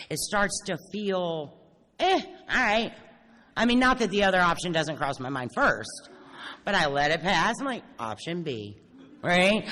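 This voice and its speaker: A woman's voice: low voice, pushed and bright. A woman giving a blunt, sarcastic, self-mocking recovery talk at a convention, swearing freely. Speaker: AA speaker. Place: large convention hall. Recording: echoey hall with faint noise.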